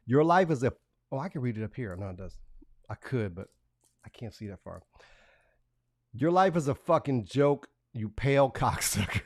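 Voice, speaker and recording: A man's voice: mid-range voice, expressive, moderate pace, no echo, studio quality. A man hosting a live stream, talking casually and reading messages aloud in a profane, mocking way, laughing between lines. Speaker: livestream host.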